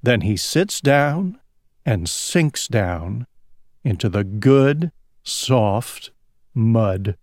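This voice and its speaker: A man reading a picture book aloud in a slow, expressive storytelling manner. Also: medium pitch, dry recording, clean studio sound.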